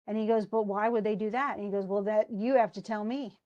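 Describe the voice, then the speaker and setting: Woman teacher, casual, paraphrases a play's lines in loose everyday speech, mid-pitched. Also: steady tone, a little fast, warm tone, lo-fi sound. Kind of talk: casual lesson, retelling a play.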